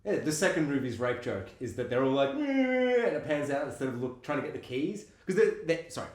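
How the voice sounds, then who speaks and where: A man co-hosting a casual movie chat, animated and laughing often as he acts out scenes. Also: medium pitch, quick pace. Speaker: podcast co-host. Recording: roomy echo.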